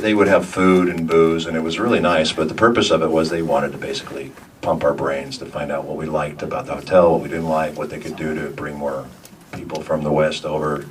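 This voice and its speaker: A man, a voice actor on a convention panel, telling rambling stories to a live audience and chuckling often between restarts. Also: very deep voice. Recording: distant mic, noisy room.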